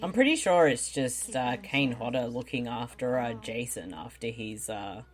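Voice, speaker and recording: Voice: medium pitch, lively intonation, normal speed. A co-host making dry wisecracks during a casual comedic horror movie commentary.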